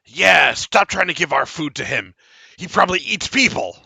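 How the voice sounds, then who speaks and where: Man doing a shouting angry peasant man. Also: high voice, big pitch swings, normal speed, creaky, breathy edge, dry recording, pitched above the performer's own voice, full character voice. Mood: indignant. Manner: yelling accusation. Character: angry starving male peasant shouting from a line.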